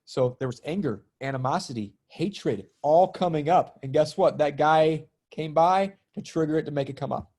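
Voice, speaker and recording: A middle-aged man tells a story casually in a fairly high voice. He is animated and acts out the quotes, and now and then he swears. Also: normal speed, hardly any pauses. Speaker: podcast guest, spiritual teacher.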